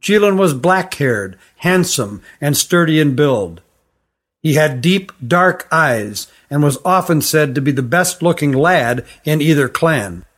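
A man's voice: a little high, expressive, measured pace, fairly bright tone. Man reading a storybook aloud. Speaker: narrator.

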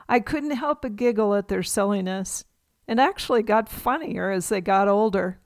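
A woman in her sixties from California, an author reading her own memoir aloud for radio in a measured, expressive way. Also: medium pitch, clean tone, no echo, studio quality.

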